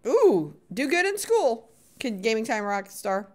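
An excitable woman streams a video game and talks to her viewers as she plays. Her voice sits fairly high and jumps up and down a lot, and she laughs often and calls people sweetheart and buddy. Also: a little slow. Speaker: gaming livestreamer. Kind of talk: live game commentary and chat.

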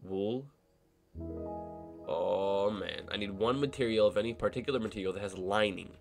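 Young male gaming creator, nasal, just-woke-up voice, low-pitched, joking self-talk, faint music underneath. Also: moderate pace, gravelly. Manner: talks to himself, joking asides and silly voices. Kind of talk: casual gameplay commentary.

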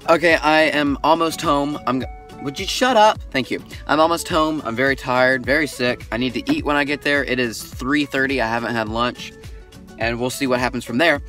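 A man's voice: mid-range voice, fairly even intonation, moderate pace, pushed and bright, soft background music. A young man talking casually to his vlog camera through a headset microphone, upbeat and joking, and a bit stuffy from being sick. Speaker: vlogger and magician. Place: outdoors and in a car.

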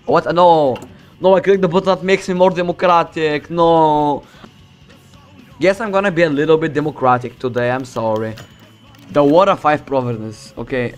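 A young man from the Balkans talks through his strategy game in a casual, boastful stream, swearing freely and cracking jokes to himself. His voice sits a little high for a man, and guitar music plays audibly behind him. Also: normal speed. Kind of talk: casual gaming commentary. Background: loud background music.

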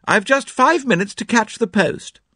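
A man voicing an older, imperious woman of the house who gives brisk orders in a raised voice. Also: extremely high pitch, lively intonation, pushed and bright, dry recording, clean studio sound, voice pushed up, heavily acted.

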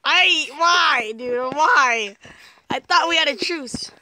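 A woman gamer talking her way through a game with a friend. Her voice sits high, swoops up and down a lot, and sounds bright. She is playful and teasing, and it breaks out into shrieks and laughter. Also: animated, slow, no room sound. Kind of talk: casual gameplay commentary.

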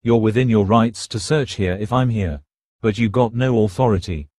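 An actor reading a commanding, impatient American officer in an audiobook. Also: male voice, lowish voice, moderate pace, a little mellow, dry recording, natural voice. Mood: stern. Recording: dry close studio recording.

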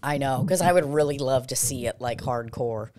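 A woman with a very low speaking voice co-hosts a comedy podcast. She tells loose, rambling stories full of swearing and acts out what people said along the way. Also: moderate pace, a little mellow. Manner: profane, rambling storytelling with acted-out quotes. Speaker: podcast co-host. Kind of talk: casual comedy podcast chat.

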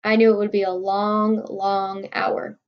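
A woman's voice: mid-range voice, little pitch movement, measured pace, lo-fi sound. A woman reading a novel aloud in a wry first-person storytelling voice. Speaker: audiobook reader.

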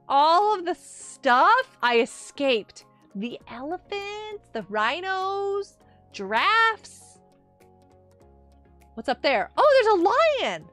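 A woman with a high, bright voice chats excitedly while she plays a game live, her pitch swinging widely as she gasps and laughs. Faint game music plays behind her. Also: dry recording. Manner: excitable, gasping and laughing often. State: sleepy, yawning. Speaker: gaming livestreamer. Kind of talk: casual live gameplay chat.

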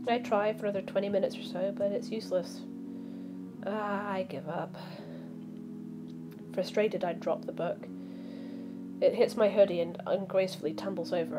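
Woman, let's play streamer, reading game text aloud, animated asides, clear background music. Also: medium pitch. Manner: animated, reacts with outbursts and asides. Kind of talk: reading a visual novel aloud.

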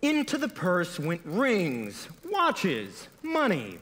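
A man's voice: high-pitched, huge pitch swings, measured pace, a bit bright, long reverb tail. A man narrating a comedy sketch on stage in a mock-dramatic tone, correcting himself as he goes. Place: theater stage.

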